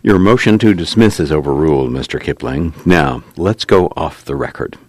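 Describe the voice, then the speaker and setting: A man reading the part of a blunt, impatient trial judge who speaks sternly and forcefully. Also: rumbling low, normal speed, no echo. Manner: stern and forceful, pressing hard.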